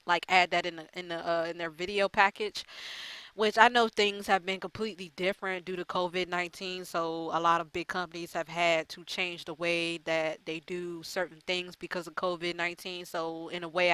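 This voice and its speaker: Gamer girl ranting to her viewers, swears a lot, rambles, smooth bright voice, dry room. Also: lowish voice, flat delivery, normal speed, dry recording. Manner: chatty, profane, rambling with fillers. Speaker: gaming YouTuber. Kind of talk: casual chat to camera.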